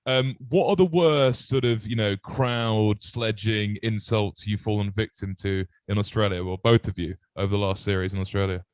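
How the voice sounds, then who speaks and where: A man's voice: fairly low pitch, steady tone, moderate pace, hardly any pauses, no room sound. A man hosting a casual interview, asking loose, easygoing questions. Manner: easygoing, asks rambling questions. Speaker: podcast host.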